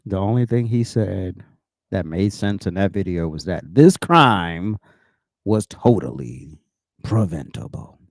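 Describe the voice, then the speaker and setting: A man's voice: deep voice, expressive, unhurried, dry recording, clean studio sound. Blunt profane man ranting. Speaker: host. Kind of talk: angry commentary on news clips.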